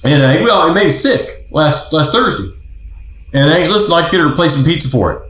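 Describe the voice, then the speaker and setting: A man's voice: on the high side, lively intonation, quick pace, a bit bright, pitched above the performer's own voice. A man voicing a scheming male customer who wheedles for a free pizza. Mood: wheedling. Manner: wheedling, backpedals when pressed. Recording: roomy echo.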